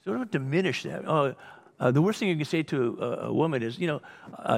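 A man's voice: a little high, animated, fairly quick, gravelly. A male pastor preaching a sermon in a conversational way, often restarting phrases and acting out little asides.

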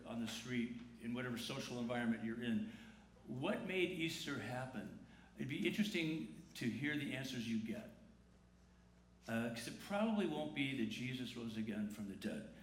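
A man preaching an Easter sermon in a large church, conversational and joking, drawing the congregation into call-and-response. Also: medium pitch. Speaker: pastor. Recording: echoey church room with faint noise.

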